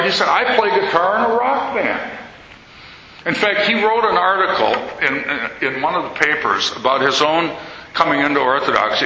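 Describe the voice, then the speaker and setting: An older man, an Orthodox priest, giving a talk in sermon style and telling stories with lively quoted voices. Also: mid-range voice. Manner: storytelling, animated quoting of others. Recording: echoey hall, slightly dull sound, faint noise.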